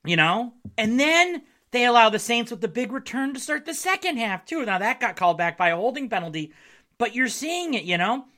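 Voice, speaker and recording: A male podcast host riffing on his team's latest game in a loose, joking way, with frequent laughs. His voice is bright and forward, and his pitch rises and falls a lot. He sounds casual and chatty. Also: big pitch swings, brisk. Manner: joking, wry, laughs often. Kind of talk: casual solo sports podcast.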